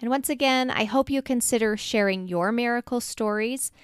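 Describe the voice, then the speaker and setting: A woman's voice: on the high side, moderate pace, clean tone, no echo, clean studio sound. A woman hosting a faith podcast, talking in a gushing, tender way that edges into emotion. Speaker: podcast host. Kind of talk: faith podcast outro and interview.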